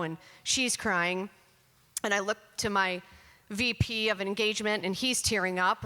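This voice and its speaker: Panelist: middle-aged woman, bright tone, chatty and candid, reverberant hall. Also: medium pitch, clean tone. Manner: candid, chatty, self-deprecating. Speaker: panelist, chief marketing officer. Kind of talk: conference panel talk, storytelling. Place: conference hall on stage. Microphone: handheld microphone.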